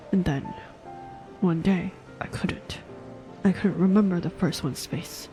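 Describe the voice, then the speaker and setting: A grave old knight, solemn and weighed down with regret, as a woman puts on his voice and pulls her pitch down low for a game reading. He tells his tale slowly and heavily. Soft music plays faintly behind him. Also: poor audio.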